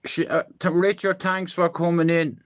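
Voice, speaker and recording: A man's voice: a little high, flat delivery, moderate pace. A man, ranting crudely and mockingly on a live stream, full of swearing.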